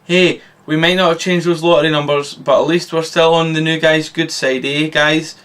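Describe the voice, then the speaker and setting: A man's voice: on the high side, little pitch movement, moderate pace, fairly bright tone, clean tone, lightly acted. A man reading the lines of a clever young cartoon woman in a plain read-aloud way. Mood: upbeat.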